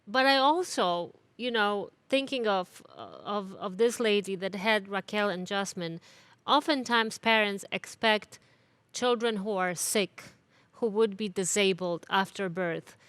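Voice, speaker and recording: Polish-accented woman interviewer, smooth and clear, halting questions. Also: medium pitch, a bit bright, no room sound. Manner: careful, hesitant, many fillers.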